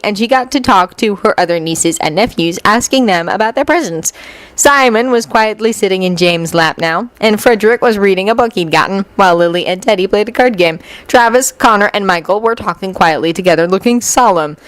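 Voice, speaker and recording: A woman reading fanfiction aloud as an expressive storyteller. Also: mid-range voice, no room sound, low-quality recording. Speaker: fanfiction audiobook reader. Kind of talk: storytelling narration.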